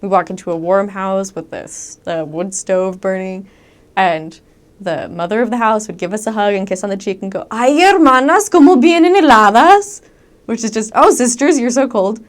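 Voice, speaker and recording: A young woman casually telling stories about her time as a missionary, with a conversational, animated manner and frequent ums. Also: medium pitch. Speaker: returned missionary. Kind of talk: casual storytelling monologue.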